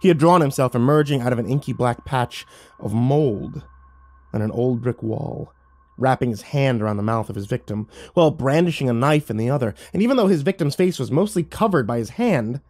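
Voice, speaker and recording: A man's voice: medium pitch, lively intonation, fairly quick, darkish tone, no echo. A man reading horror stories aloud, building tension and turning urgent in the action scenes. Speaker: horror story narrator. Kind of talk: dramatic horror story narration.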